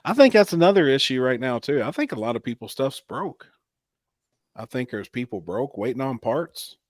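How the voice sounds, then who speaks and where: A man's voice: medium pitch, sing-song, normal speed, no room sound, clean studio sound. A man hosting a casual chat about racing, laid-back and drawling. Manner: laid-back, drawling, says "I think" often.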